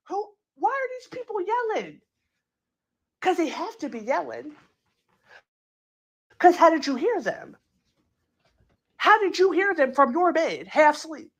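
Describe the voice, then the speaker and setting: A woman hosting a casual true crime chat, talking it through in an animated, incredulous way and acting out quotes, with plenty of filler words. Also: sits high, slow pace, long pauses. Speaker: true crime channel host. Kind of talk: casual commentary.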